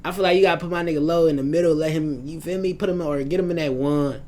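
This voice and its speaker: A man's voice: fairly high pitch, steady tone, fast, darkish tone, a little hiss or hum. A young man at home, rambling loosely in slang through his sports predictions as a casual vlogger. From United States. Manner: loose, slangy, rambling and self-aware about rambling.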